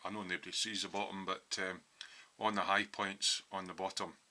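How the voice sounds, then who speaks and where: Man, very low voice, hesitant with many ums, casual workshop walkthrough. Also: little pitch movement, normal speed, bright, forceful tone. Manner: hesitant, lots of ums, explains his thinking step by step. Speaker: hobby scale modeller. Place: home hobby workshop.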